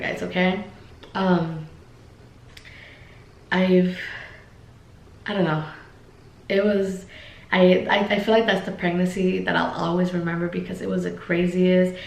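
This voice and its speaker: A young woman vlogger telling a personal story in a loose, chatty way, peppering it with fillers and calling her viewers "guys". Her voice is low-pitched with a gravelly fry, and the room around her rings with echo. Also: a little hiss or hum. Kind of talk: casual storytime vlog. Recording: echoey room.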